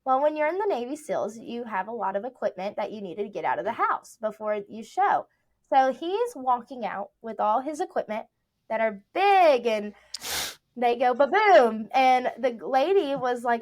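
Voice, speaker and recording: A young woman, a real estate agent, telling stories in a casual interview, chatty and animated with lots of fillers. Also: high voice, moderate pace. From Texas. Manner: chatty, animated storytelling with many "like"s.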